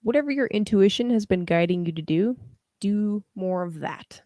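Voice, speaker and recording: A woman's voice: medium pitch, animated, moderate pace, warm tone, dry recording, studio quality. A young woman hosting a live tarot reading, chatting casually with viewers in a slangy, laughing manner. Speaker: tarot reader livestream host.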